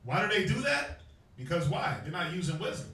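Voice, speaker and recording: A man's voice: high-pitched, big pitch swings, brisk, bright, forceful tone. A man preaching to a crowd, firing questions at them in a call-and-response Bible teaching. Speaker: street preacher. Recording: echoey space, far from the mic.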